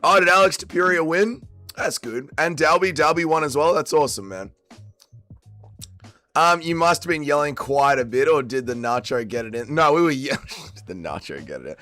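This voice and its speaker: Australian man, livestream host, smooth resonant voice, dry close sound, faint music behind, tired and tipsy, swears freely. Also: on the high side, normal speed, sharp tone, dry recording. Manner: swearing, laid-back banter with chat. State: still drunk and tired after a late night. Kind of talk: casual livestream chat.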